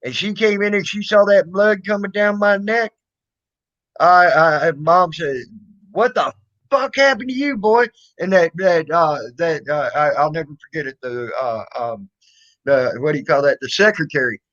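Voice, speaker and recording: A man's voice: on the high side, steady tone, moderate pace, fairly bright tone. A man casually telling a childhood story, rambling and swearing, full of fillers and restarts. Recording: dull lo-fi recording.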